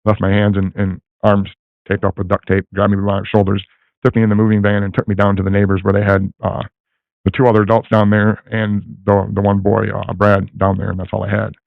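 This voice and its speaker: A man's voice: fairly low pitch, completely flat delivery, a little fast, gravelly, no room sound. An older man rambling through a long personal story, full of fillers and restarts, over a tinny line. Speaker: guest telling a personal story. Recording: tinny phone-like line, dry.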